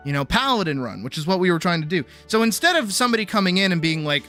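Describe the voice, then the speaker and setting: A woman's voice: medium pitch, sing-song, quick pace, hardly any pauses, a bit bright, soft background music. A woman streamer chatting casually with her live audience, rambling and acting out other people's voices, swearing freely.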